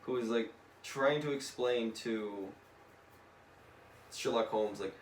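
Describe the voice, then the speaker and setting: A young man casually retells a comic story to a friend, animated, slipping into voices and swearing now and then. He speaks at a medium pitch and a slow pace, with long pauses. A distant mic captures him in an echoey room with faint noise.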